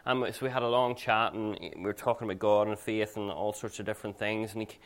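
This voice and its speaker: A male pastor with a fairly low voice preaches a sermon and tells stories along the way. His delivery is conversational and earnest, more like chatting than proclaiming. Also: fairly even intonation, fast talker, smooth. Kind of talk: sermon with personal anecdotes.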